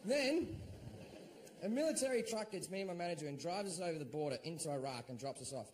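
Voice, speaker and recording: A middle-aged Australian man doing stand-up, telling a story in a profane, animated way and shouting out his own quoted lines. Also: a little high, quick pace, slight background noise. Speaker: stand-up comedian.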